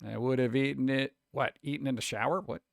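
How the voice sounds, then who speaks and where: A man's voice: mid-range voice, fairly even intonation, a little fast, creaky, dry recording, studio quality. A man from New York with a New York accent, hosting a casual livestream and reacting to chat in a sarcastic, mock-exasperated way. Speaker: streamer host.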